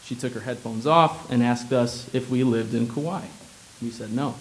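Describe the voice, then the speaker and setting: A man's voice: mid-range voice, normal speed, slight background noise, rough recording. A young man from Illinois reads his humorous personal essay aloud. His delivery is wry and sardonic, with dry asides. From Illinois, USA. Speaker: writer reading his essay.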